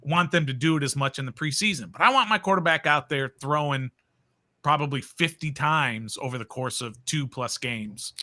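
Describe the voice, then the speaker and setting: Male panelist, very bright tense tone, slightly high pitch, firm explaining. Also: normal speed. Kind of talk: casual sports chat.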